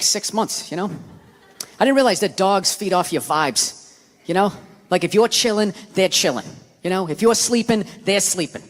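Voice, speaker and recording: A man doing a loud, profane stand-up routine on a comedy stage. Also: on the high side, in a large hall. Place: comedy stage with a live audience.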